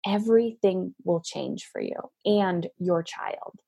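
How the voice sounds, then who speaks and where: A middle-aged woman, a parenting coach guesting on a podcast, telling stories in a lively, casual way over a video call. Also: medium pitch, a little slow, hardly any pauses, slightly rough. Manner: animated storytelling with acted quotes. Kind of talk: casual interview talk.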